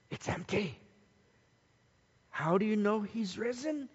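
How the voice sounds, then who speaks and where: A man preaching a sermon, dramatic and emphatic, dropping to hushed tones at times. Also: high-pitched, animated, slow, long pauses, slightly rough. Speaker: pastor. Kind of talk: Easter sermon. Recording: dull sound with long hall reverb.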